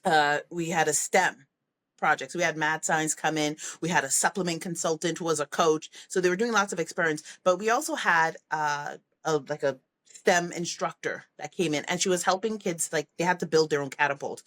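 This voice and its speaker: A woman's voice: low-pitched, a little fast. A middle-aged woman, a leadership coach, talking in a conversational interview, animatedly telling stories with plenty of laughs. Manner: animated storytelling, acts out kids' voices, laughs often. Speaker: podcast guest, leadership coach.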